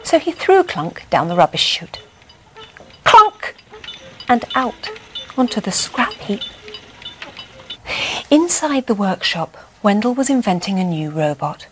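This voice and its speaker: A woman reading a bedtime story aloud in a gentle, expressive way. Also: medium pitch, slightly rough.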